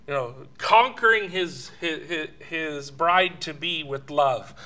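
Slow, bright-voiced male preacher. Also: on the high side. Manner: storytelling with chuckles, drops to a soft hush. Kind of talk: sermon.

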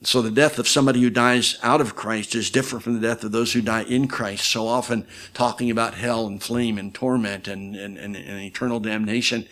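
A man preaching a sermon, telling stories dramatically, swinging loud for quoted voices and dropping low for emphasis. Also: steady tone, a little fast, hardly any pauses.

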